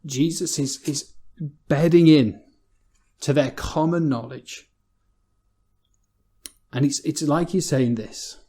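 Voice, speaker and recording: A man's voice: a little high, slow pace, pauses often, mellow. An English man preaching a sermon in a church, talking in a conversational way and often repeating words as he goes.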